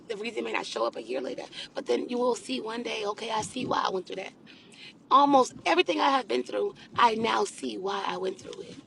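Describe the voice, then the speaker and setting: A woman's voice: a little high, gravelly, a little hiss or hum. A woman life coach giving an earnest, preacher-like motivational talk about faith, repeating phrases and calling her viewers y'all. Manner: drops to a soft, hushed voice when speaking to abuse survivors.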